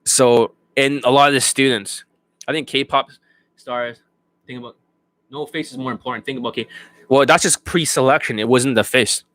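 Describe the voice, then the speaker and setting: A blunt dating coach delivers a profane, off-the-cuff rant to his students. His voice sits at a middling male pitch. The sound is dry, with no room echo. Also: steady tone, moderate pace, a bit bright. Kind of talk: unscripted monologue to students.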